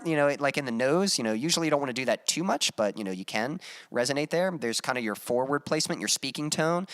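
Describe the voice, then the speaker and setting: Young guy musician rambling on his live stream, smooth clear voice, dry close sound, lots of ums. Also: medium pitch, animated, fast, fairly bright tone, no room sound. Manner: rambling, many fillers and restarts, demonstrates vocal exercises. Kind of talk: casual live-stream chat, reading viewer comments.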